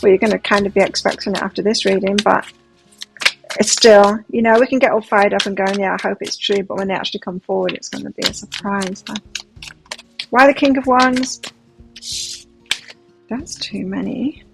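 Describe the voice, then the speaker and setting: A woman's voice: mid-range voice, steady tone, normal speed, gravelly, pauses often, music in the background, rough recording. A woman giving a pick-a-card tarot reading, talking to the viewer as she turns cards and exclaims over them. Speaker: tarot reader.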